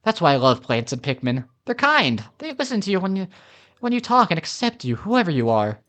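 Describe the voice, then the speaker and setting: Man doing a gentle plant-loving botanist. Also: high-pitched, sing-song, brisk, voice pushed up. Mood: earnest. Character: gentle male botany enthusiast.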